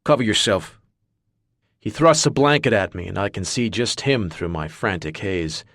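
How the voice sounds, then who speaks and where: A man's voice: on the low side, animated, moderate pace, a bit bright, dry recording, studio quality. A man narrating an audiobook in the first person with intense, dramatic delivery.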